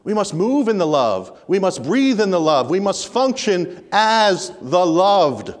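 A man's voice: high-pitched, sing-song, unhurried. A man preaching a sermon in a church, earnest and repeating key phrases for emphasis. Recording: reverberant hall.

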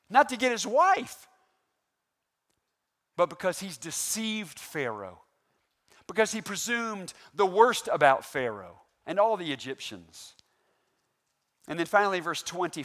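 Animated male preacher with rhetorical questions. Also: high-pitched, a little slow. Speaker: pastor. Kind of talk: sermon.

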